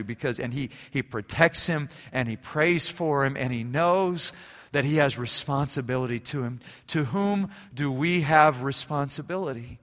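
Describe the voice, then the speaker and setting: A man's voice: medium pitch, moderate pace, fairly bright tone. A male pastor preaching a sermon, telling a story and building to fervent emphasis, in an echoey church sanctuary.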